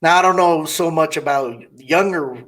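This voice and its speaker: Man, interview host, slightly high voice, candid, rambling, mimics customers in voices. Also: normal speed, fairly bright tone. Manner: blunt, candid opinions. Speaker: podcast host interviewing a car saleswoman. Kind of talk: casual interview chat.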